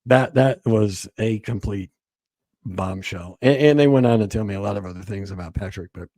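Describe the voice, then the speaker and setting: A man recounting events as a guest, halting and repeating words as he quotes what others told him. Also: fairly low pitch, dark tone, no echo. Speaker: guest author. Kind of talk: storytelling interview.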